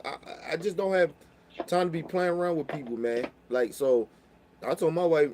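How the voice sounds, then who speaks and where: A young man telling a story in casual chat, profane and animated, getting loud when riled up. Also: on the high side, moderate pace, slight background noise. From Baltimore.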